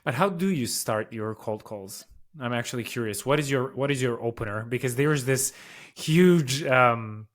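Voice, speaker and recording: Male podcast host, relaxed and inquisitive, casual delivery. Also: mid-range voice, normal speed. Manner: curious, laid-back questioning.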